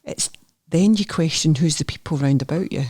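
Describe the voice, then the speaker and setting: A middle-aged woman with a Scottish accent, a nurse therapist talking as a guest on a podcast, chatty and animated as she tells her story. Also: low-pitched, normal speed, slightly rough, no room sound. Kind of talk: candid podcast conversation.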